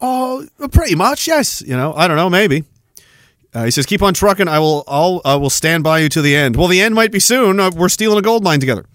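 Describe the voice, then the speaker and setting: A man hosting a podcast, reading chat messages in a sarcastic, animated way, laughing often and swearing. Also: a little high, fast, no room sound, studio quality. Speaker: podcast host. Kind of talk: casual livestream commentary reading chat.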